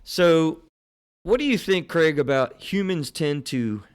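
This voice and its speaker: A man's voice: fairly high pitch, lively intonation, clear, resonant tone. A man who is a therapist, hosting a casual podcast conversation and talking with frequent repeats and restarts. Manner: halting, repeats words and restarts often.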